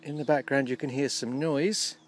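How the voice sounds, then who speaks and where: A man giving casual, gently humorous commentary outdoors by a field, slowly explaining English words as he films. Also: medium pitch, fairly even intonation, slight background noise. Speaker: vlogger teaching English.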